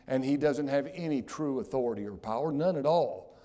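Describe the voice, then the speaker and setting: In an animated sermon, a pastor with a medium-pitched voice makes loud, emphatic declarations that fall to near-whispers, slowing down to weigh key phrases.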